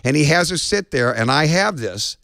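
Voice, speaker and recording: Male guest storyteller, gravelly tone, dry close sound, animated anecdotes. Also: a little high, normal speed, no echo. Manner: lively storyteller, acts out quotes. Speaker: interview guest.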